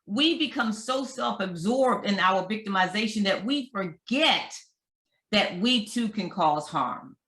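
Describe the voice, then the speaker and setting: A woman author being interviewed, speaking emphatically and slowing down to repeat her key points. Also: medium pitch, animated, fairly bright tone, echoey room. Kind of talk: interview conversation.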